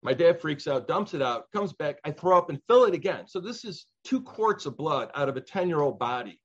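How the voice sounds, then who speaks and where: A man's voice: a little high, expressive, breathy edge. Older man telling his life story, slightly muffled. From Chicago. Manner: earnest, reflective, with many pauses and restarts. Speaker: interviewee. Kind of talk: personal storytelling interview. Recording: slightly dull lo-fi sound.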